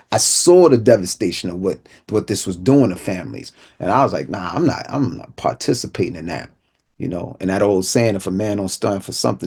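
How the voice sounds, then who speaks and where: A middle-aged man from Brooklyn, giving an inspirational speaker's personal testimony in a vivid storytelling way, repeating phrases and dropping to a hush at tense moments. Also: low-pitched, breathy edge. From Brooklyn, New York.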